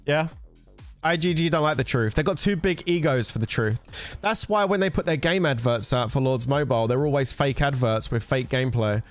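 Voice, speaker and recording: A man's voice: medium pitch, moderate pace, soft background music. A man chatting casually with viewers on a gaming livestream, teasing and bantering with some swearing. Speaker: gaming streamer.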